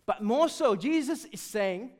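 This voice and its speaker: A man preaching a sermon, emphatic and animated, often dropping suddenly to a quiet voice. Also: very high-pitched, a little slow.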